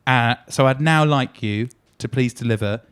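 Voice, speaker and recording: A man's voice: mid-range voice, moderate pace, fairly bright tone, smooth. A man hosting a podcast, chatting casually with dry, wry jokes. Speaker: podcast host. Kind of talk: casual chat.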